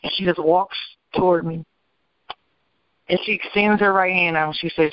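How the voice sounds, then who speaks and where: A woman attorney from Michigan telling her life story as an interview guest, animated and acting out the people she quotes. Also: on the low side, normal speed, pauses often, clear, resonant tone, no echo. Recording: dull, dry lo-fi recording.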